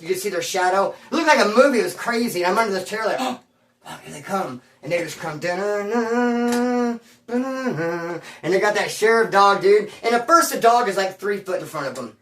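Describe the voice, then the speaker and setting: A man telling a story from his past in casual, slangy street talk, rambling and animated and calling the listener homeboy. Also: sits high, fast, hardly any pauses. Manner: rambling and animated, with sound effects. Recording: roomy sound from a distance.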